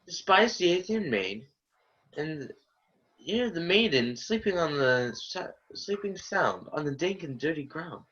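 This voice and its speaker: Sly fairy servant played by a young man, high-ish voice, very slow delivery, muffled lo-fi online sound. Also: sing-song, fairly bright tone. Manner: slow, deliberate verse speaking. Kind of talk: amateur student Shakespeare performance. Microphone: video call. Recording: dull lo-fi online audio.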